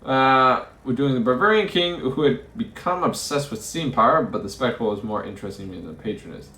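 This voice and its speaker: A man's voice: medium pitch, animated, fairly quick, pushed and bright, roomy sound, a little hiss or hum. A man playing a story game, reading its text aloud and musing over his choices, often stumbling over words. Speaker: let's play host.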